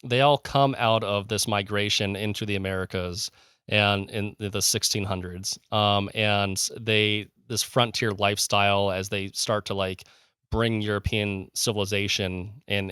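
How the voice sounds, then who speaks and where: Male podcast co-host, low-pitched, enthusiastic rambler, dry close mic. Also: steady tone, unhurried, fairly bright tone, clean tone, no room sound. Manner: enthusiastic, rambling with many fillers and restarts. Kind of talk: casual conversational podcast.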